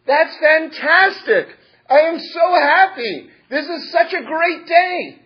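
A man voicing an overjoyed older rabbi who gushes in high, excited exclamations. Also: takes it slowly, muffled recording, heavily acted. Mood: delighted. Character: overjoyed elderly male rabbi, exuberant and warm.

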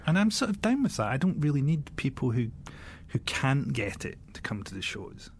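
A comedian speaking as a podcast guest, dry and sardonic in casual conversation, with the odd swear word. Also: male voice, mid-range voice, big pitch swings, moderate pace, a little hiss or hum.

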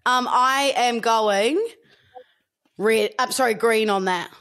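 A woman's voice: on the high side, slow, fairly bright tone. A woman co-hosting a podcast, teasing and chatty. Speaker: podcast co-host. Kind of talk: casual banter.

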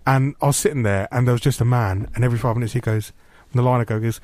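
A man's voice: mid-range voice, fast, a little mellow, no echo, clean studio sound. A man co-hosting a sports radio show, telling stories and mimicking the people in them. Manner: storyteller, mimics voices, chatty. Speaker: co-host, stadium announcer. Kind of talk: casual radio banter. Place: radio studio.

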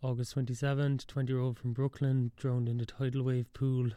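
A young man talks in a loose solo monologue, drifting between thoughts and cutting himself off mid-sentence with a wry edge. His voice is mellow and dark. The sound is dry and close. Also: medium pitch, level tone, normal speed, clear, resonant tone, no echo. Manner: rambling, wry, self-interrupting. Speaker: podcast host.

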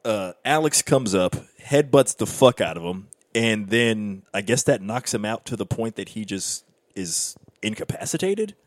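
A man's voice: on the low side, expressive, unhurried, dry recording. A man casually recapping an action movie, swearing freely and acting out lines from it. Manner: profane, laughing, acts out quotes.

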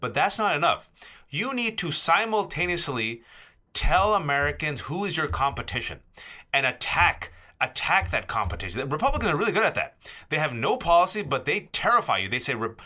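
A man guest-hosting a political podcast, arguing combatively with rapid rhetorical questions and emphatic repetition. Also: on the high side, very animated, sharp tone. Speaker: guest host, political columnist. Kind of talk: heated political podcast discussion.

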